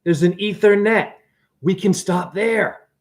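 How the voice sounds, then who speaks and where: A man rambling excitedly and preachily through a livestream monologue from his apartment, jumping from idea to idea. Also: sits high, slow. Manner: excitable, preachy, jumps between ideas. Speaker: self-styled spiritual teacher.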